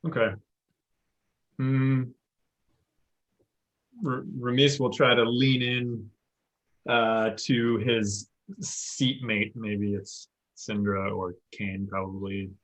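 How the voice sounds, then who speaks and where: A man playing a tabletop game, speaking casually with quick questions. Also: fairly low pitch, level tone, fairly bright tone, rough recording. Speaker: player.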